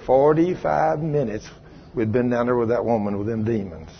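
A man, a pastor preaching a sermon, telling a story in a low voice and then rising loud and emphatic. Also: normal speed, creaky, highs cut off, slight background noise. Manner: swings from low quiet telling to loud raised retelling. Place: church sanctuary.

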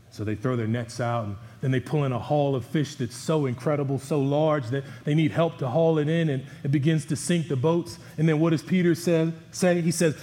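A man's voice: moderate pace, dark tone. Emphatic male preacher in a reverberant hall. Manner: emphatic preaching, voice dropping low on key words. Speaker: pastor. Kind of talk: sermon. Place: church sanctuary.

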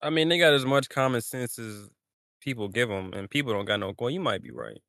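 A man co-hosting a podcast, trading relaxed, upbeat banter and short reactions in casual chat. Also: mid-range voice, brisk, creaky, no room sound, clean studio sound. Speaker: podcast co-host.

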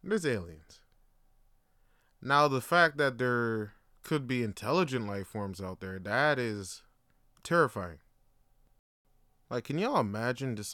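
A man's voice: mid-range voice, expressive, unhurried, fairly bright tone, smooth, dry recording, clean studio sound. A young adult man hosting a solo podcast, musing aloud in a loose, slangy, rambling way. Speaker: podcast host. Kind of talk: casual solo monologue.

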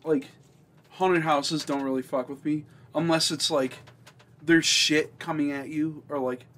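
Male co-host, slightly high voice, irritable casual ranter. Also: fairly even intonation, unhurried, a bit bright. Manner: irritable, swearing rant. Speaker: podcast co-host. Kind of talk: casual chat.

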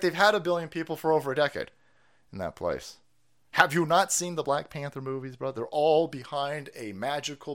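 A profane, sarcastic man ranting on his live stream, speaking in a voice pitched somewhat high for a man. He swears constantly and pours scorn on everything he talks about. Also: a bit bright. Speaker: host. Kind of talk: live-stream political rant.

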